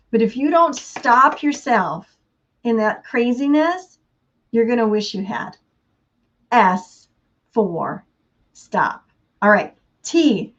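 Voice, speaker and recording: A woman giving a casual inspirational talk, unhurried and laughing often between thoughts. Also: fairly high pitch, fairly bright tone, lo-fi sound. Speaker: motivational speaker.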